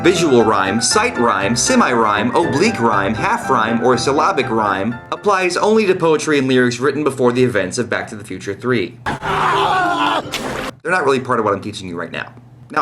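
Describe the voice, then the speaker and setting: A man's voice: medium pitch, a bit bright. A man giving a comedic video lesson on lyric writing, explaining rules with wry jokes in between. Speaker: online lyric-writing teacher.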